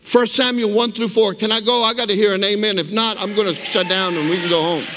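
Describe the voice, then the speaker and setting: A man's voice: high voice, steady tone, fast talker, noisy background. A man giving a guest sermon with his personal testimony, telling the story vividly and emphatically and calling the congregation for amens. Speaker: guest speaker. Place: church sanctuary. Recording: echoey church hall.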